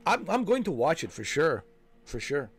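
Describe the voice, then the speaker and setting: A man's voice: on the high side, very animated, moderate pace, breathy edge. A man hosting a game walkthrough, chatting loosely and rambling, throwing in "man" and "dude" and correcting himself as he hunts for names. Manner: frequent fillers and self-corrections while searching for names. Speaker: gaming channel host. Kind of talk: casual chat over a game walkthrough.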